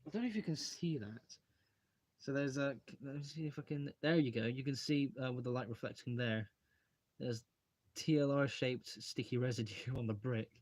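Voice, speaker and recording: At normal speed and in a slightly mellow, medium-pitched voice, a young channel host runs a laid-back livestream, taking brick models apart at a desk in his home hobby room while rambling and reading viewer questions.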